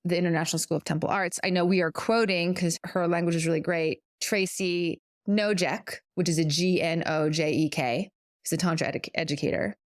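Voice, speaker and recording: A woman's voice: lowish voice, fairly even intonation, brisk, no echo, studio quality. Earnest, reflective middle-aged woman co-host. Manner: earnest and reflective, explains at length with self-corrections. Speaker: podcast co-host. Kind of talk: casual conversational podcast.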